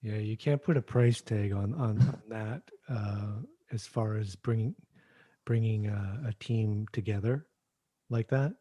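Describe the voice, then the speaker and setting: A man hosting a podcast in casual chat, speaking haltingly with many fillers. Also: fairly low pitch, dark tone, breathy edge, no room sound. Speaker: podcast host.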